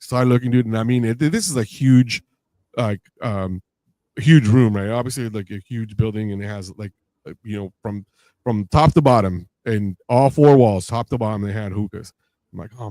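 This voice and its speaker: In casual podcast chat, a man tells a long anecdote as an animated storyteller, acting out the voices he quotes and laughing along. His voice is fairly low, with no echo.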